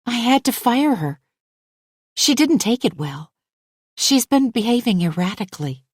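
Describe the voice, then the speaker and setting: A woman's voice: sing-song, a little slow, breathy edge, dry recording, studio quality, exaggerated voice. A woman voicing an anxious, well-off young mother who talks in agitated, pleading tones. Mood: worried. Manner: pleading, agitated, pitch rising.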